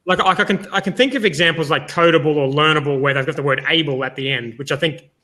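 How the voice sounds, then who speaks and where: Bright-voiced host, slightly high. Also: male voice, quick pace. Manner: hesitant, with many restarts and laughs. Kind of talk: live online review session.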